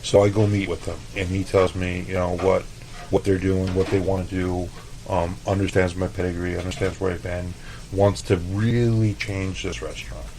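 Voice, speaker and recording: A man from El Paso, a chef, telling stories in a loose, profane, animated way on a podcast. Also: sits low, moderate pace, a little hiss or hum, rough recording. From El Paso, Texas. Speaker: chef, interview guest. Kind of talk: casual storytelling.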